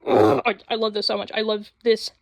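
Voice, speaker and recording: A young woman rambling excitedly about anime in a casual vlog, full of fillers and sudden jumps in voice. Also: on the high side, gravelly, no room sound. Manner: rambling, excitable, with frequent fillers and quick voice switches. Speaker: anime vlogger. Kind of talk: casual chat. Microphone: phone mic.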